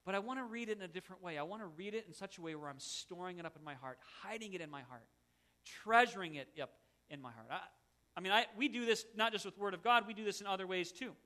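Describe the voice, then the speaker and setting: A man's voice: sits high, quick pace, pushed and bright. A middle-aged man, a pastor, preaching a sermon in an earnest, conversational way with self-deprecating asides.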